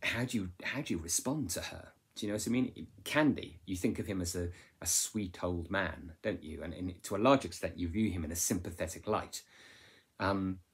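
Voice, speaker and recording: A man explains a novel in a relaxed lesson style, often ending points with tag questions. His voice is low and husky. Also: moderate pace. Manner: conversational, asks rhetorical tag questions; restarts and fillers while explaining. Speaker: English literature teacher.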